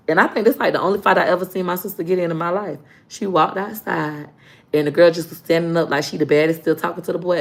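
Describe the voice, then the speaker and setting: A woman tells a story in her vlog. Her voice sits on the low side, and she acts out what people said with a lot of energy and humor. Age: adult. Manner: animated storyteller, acting out quotes. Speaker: vlogger.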